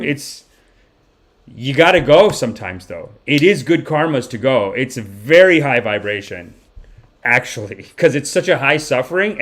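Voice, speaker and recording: A man hosting a live comedy podcast, telling a rambling story in an animated way, swearing freely and acting out the people he describes. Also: mid-range voice. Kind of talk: rambling comic monologue on a live stream.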